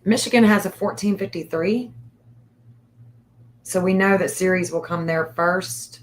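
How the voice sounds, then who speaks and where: A woman hosting a casual livestream, reading an astrology chart aloud and thinking out loud in a hesitant, repetitive way. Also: on the low side, measured pace, slight background noise.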